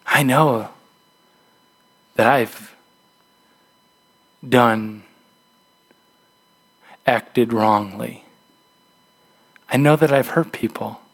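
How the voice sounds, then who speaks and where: A man's voice: medium pitch, extremely slow, pauses often, breathy edge. A man, a pastor, preaching a conversational, emphatic sermon, often restarting his words.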